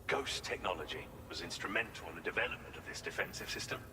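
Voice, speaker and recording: A man's voice: low-pitched, fast, noisy background, lightly acted. An actor playing a polite, formal male researcher in a video game, speaking with an English accent. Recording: reverberant game audio with music. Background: game music.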